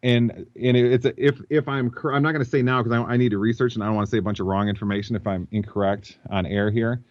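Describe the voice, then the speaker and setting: A man's voice: medium pitch, steady tone, fast, darkish tone, no room sound, highs cut off. A man as an interview guest, thinking aloud and explaining at length over a computer call. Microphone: computer mic.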